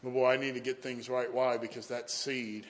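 A man's voice: medium pitch, level tone, moderate pace. A man preaching a sermon, telling folksy stories and often saying "boy".

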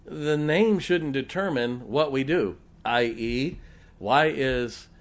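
A man's voice: mid-range voice, takes it slowly. A middle-aged man preaching a sermon, telling folksy personal stories and putting rhetorical questions to the congregation.

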